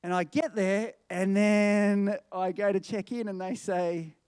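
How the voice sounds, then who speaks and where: A middle-aged man giving a sermon as a guest speaker, telling a story with lively acted-out voices. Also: sits high, a little slow, smooth, no room sound, clean studio sound. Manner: animated storyteller, acts out quoted people.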